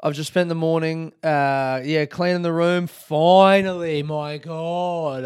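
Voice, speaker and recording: A man's voice: medium pitch, clean tone, dry recording, studio quality. A young Australian man hosting a casual solo podcast, rambling upbeat and swearing freely. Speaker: podcast host.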